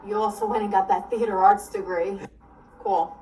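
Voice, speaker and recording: A woman's voice: mid-range voice, fairly even intonation, normal speed, mellow. Brash woman with a strong Long Island accent. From Long Island, New York. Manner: brash, swears freely. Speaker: person interviewed in a social video. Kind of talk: casual banter. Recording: distant phone-video audio with faint noise.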